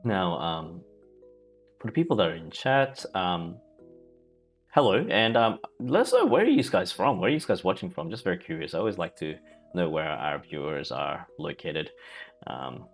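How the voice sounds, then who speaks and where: A man's voice: low-pitched, very animated, normal speed, creaky, faint music behind. A man casually co-hosting a livestream of a card game tournament, chatty and laughing often, greeting viewers in chat. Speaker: co-host and commentator.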